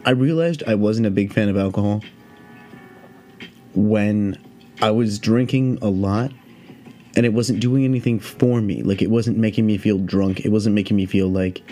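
Low, mellow-voiced man rambling on a podcast. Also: normal speed, faint music behind. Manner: rambling, profane, heavy on "like" fillers. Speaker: podcast host. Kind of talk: casual solo podcast chat.

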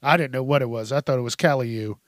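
A man's voice: medium pitch, quick pace, no echo, studio quality. A man hosting a podcast, ranting bluntly in casual chat, swearing freely and laughing often. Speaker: podcast host. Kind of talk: casual solo rant.

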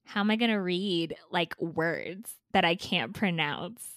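A woman's voice: on the low side, lively intonation, unhurried, fairly bright tone, no echo, clean studio sound. A woman co-hosting a casual podcast with her sisters, chatty and defensive, often cutting in. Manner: chatty, defensive, keeps interrupting. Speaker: podcast co-host.

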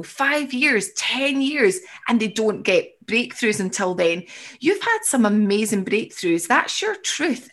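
A woman's voice: fairly high pitch, fairly bright tone. A woman, coaching someone through a reflective conversation and voicing their inner thoughts.

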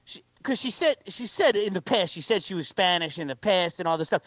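A man co-hosting a podcast in loose, jokey banter, often exclaiming in disbelief. His voice sits fairly high and rises and falls widely as he talks. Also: expressive, a little fast, a bit bright, dry recording. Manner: incredulous, exclaiming, laughs often. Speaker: podcast co-host. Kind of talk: casual comedic banter.

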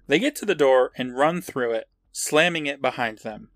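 A man's voice: mid-range voice, animated, moderate pace, hardly any pauses, a bit bright, no room sound. Guy recapping a show on a podcast, voice jumps all over, laughing and swearing, dry close sound. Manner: laughs while narrating, swears casually, acts out quotes. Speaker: podcast co-host. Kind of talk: casual episode recap.

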